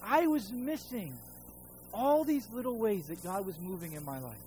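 A man's voice: high voice, lively intonation, normal speed, darkish tone, slight background noise, low-quality recording. A man in his thirties preaching a sermon as a pastor, telling a personal story in a casual, conversational way and acting out quoted voices. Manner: conversational storytelling, acts out his own voice and God's.

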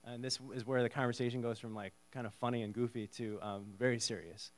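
A man preaching a conversational sermon, reading Bible verses and acting out the dialogue in a casual, lively way. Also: mid-range voice, fairly quick. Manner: conversational, animated, acts out the dialogue.

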